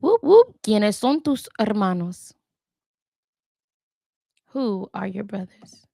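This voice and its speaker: Woman, chatty vlogger, thinks aloud, halting tries at new words, unhurried drawl. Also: medium pitch, creaky, dark tone, no room sound. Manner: thinks aloud, chatty, talks to viewers as "y'all". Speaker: language learner vlogger. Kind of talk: casual chat while studying.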